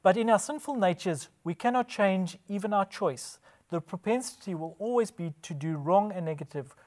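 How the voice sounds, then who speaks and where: A man's voice: high voice, normal speed, a little mellow. Emphatic man preaching in rhetorical questions. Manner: emphatic, asks rhetorical questions and answers them. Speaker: Bible presenter. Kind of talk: scripted religious presentation.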